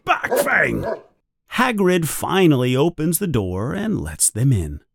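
A man narrating a storybook in a measured, expressive reading. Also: a little high, dry recording, studio quality.

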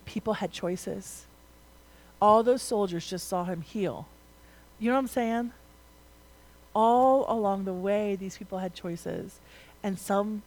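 A woman's voice: medium pitch, a little mellow, low-quality recording. A young woman preaching a sermon in a conversational way, using lots of casual fillers and turning emphatic at key points. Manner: conversational, rising to emphatic, frequent "like" and "right?".

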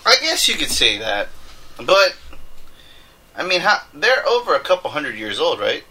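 A young man co-hosting a casual podcast chat, animated and laughing, jumping up in pitch to make a point. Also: moderate pace, breathy edge. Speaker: podcast co-host.

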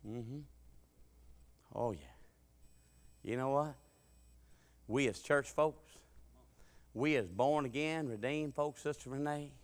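Folksy preacher, bright hollering voice. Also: male voice, clear, resonant tone. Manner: folksy storytelling preacher, swings from hollering to low quiet asides. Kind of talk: sermon.

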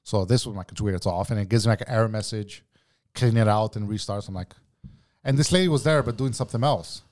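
A man's voice: lowish voice, quick pace, a little mellow. A man in a casual podcast chat, swearing freely and acting out both sides of an argument. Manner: profane, heated storytelling. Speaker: guest telling a work story.

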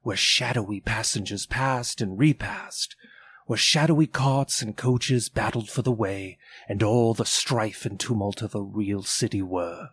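A man reading a classic story aloud in an expressive, theatrical storytelling manner. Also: on the low side, measured pace, slightly rough. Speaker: narrator. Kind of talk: dramatic audiobook reading.

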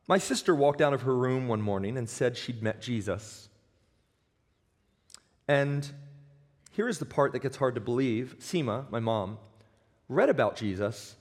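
A pastor preaching a sermon, earnest and emphatic, slowing down for weight and sometimes stumbling over restarts. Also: male voice, mid-range voice, slightly rough. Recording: long hall reverb.

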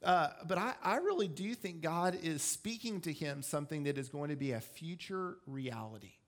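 A man's voice: fairly high pitch, lively intonation, moderate pace. A male pastor preaching a sermon in a conversational, explanatory way, with self-deprecating asides.

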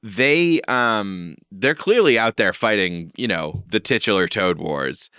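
A man with a bright, crisp voice co-hosting a casual podcast from a remote call. He talks in a wry, easygoing way, often laughing. The sound is dry and close. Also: lowish voice, lively intonation, slow pace, no room sound. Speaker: podcast co-host. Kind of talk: casual chat.

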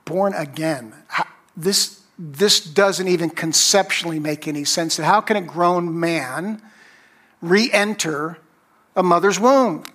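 Slow, emphatic male pastor. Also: fairly high pitch, a bit bright. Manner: slow, emphatic preaching with long pauses. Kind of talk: sermon.

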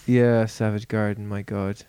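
A man's voice: a little mellow, clear, resonant tone, no room sound. A man co-hosting a podcast in casual chat, rambling and laughing. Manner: rambling, laughing, breaks into falsetto singing. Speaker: podcast co-host.

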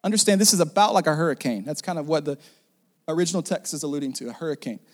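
A man preaching a sermon as pastor, animated and jokey, acting out the people in the story. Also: on the high side, racing. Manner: animated, jokey, acts out the characters. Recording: long reverb of a large hall.

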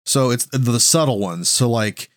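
A man co-hosting a podcast in a relaxed, casual chat, with many loose filler words. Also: mid-range voice, a little slow, dry recording. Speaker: podcast co-host.

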